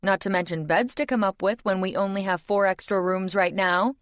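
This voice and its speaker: A woman's voice: medium pitch, fairly even intonation, normal speed, no room sound, studio quality, voice pushed up, close to an everyday voice. A woman voicing a stern housekeeper woman who scolds sharply, in an audiobook. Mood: scolding.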